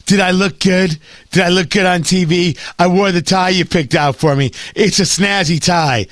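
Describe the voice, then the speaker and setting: A man's voice: high voice, moderate pace, fairly bright tone, no room sound, clean studio sound. A man doing a comic impression of a fussy, vain older man with a head cold, speaking in a nasal, stuffed-up voice and fishing for approval. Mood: preening. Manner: preening, seeking approval.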